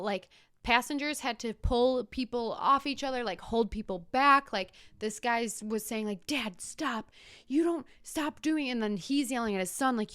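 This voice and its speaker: A young woman hosting a podcast, retelling a story in a casual, animated way with whispered asides. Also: a little high, clean tone, no room sound, studio quality. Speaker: podcast host.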